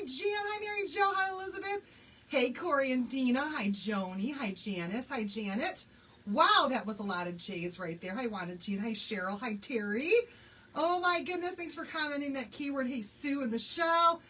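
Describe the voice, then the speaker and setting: A woman's voice: on the high side, a bit bright, slight background noise, rough recording. A woman in her sixties hosting a live craft stream, chatty and bubbly, laughing often and greeting viewers by name. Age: 60s. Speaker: craft livestream host.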